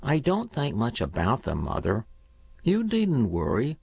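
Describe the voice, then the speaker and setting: A man's voice: medium pitch, wildly swooping pitch, measured pace, gravelly, slightly rough, muffled recording, exaggerated voice. A man voicing a frail, intense young boy who speaks earnestly and insistently. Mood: reassuring.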